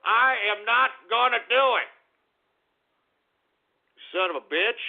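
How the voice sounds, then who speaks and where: A man's voice: very high voice, expressive, slow, gravelly. A man hosting a call-in radio show, ranting in a profane, exasperated way. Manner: profane, exasperated, swears constantly. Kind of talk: call-in talk radio rant. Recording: tinny phone-like radio audio.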